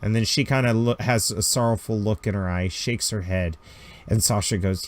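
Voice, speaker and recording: A man narrating a tabletop game as game master, lively and playful, with spoken sound effects. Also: fairly low pitch, moderate pace, slight background noise.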